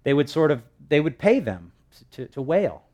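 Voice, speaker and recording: A male pastor preaching a sermon, emphatic, pushing up to loud stresses. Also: fairly high pitch, big pitch swings, normal speed.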